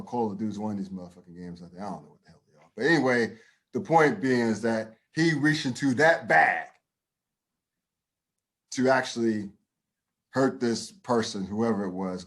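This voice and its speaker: A man co-hosting a casual podcast, talking bluntly and emphatically, swearing freely and restarting his sentences. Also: mid-range voice. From United States. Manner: profane, emphatic, with many restarts. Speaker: podcast co-host. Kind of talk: casual opinion chat.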